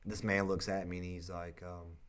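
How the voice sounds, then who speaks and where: Earnest low-voiced North Carolina man. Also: flat delivery. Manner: earnest, emotional, halting with frequent restarts. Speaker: real estate agent. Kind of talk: casual personal storytelling.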